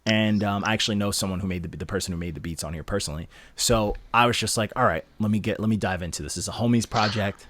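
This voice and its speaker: Low-voiced young man ranting casually. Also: no room sound. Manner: animated, profane, quick rants. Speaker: podcast co-host reviewing albums. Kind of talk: casual chat.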